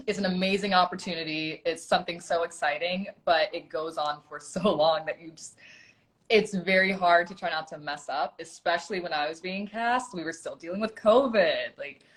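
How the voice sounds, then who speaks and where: Host, low-voiced woman, chatty and self-deprecating, on a video call. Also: normal speed. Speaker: host, former reality show contestant. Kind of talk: casual livestream chat. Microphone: phone or laptop on a video call.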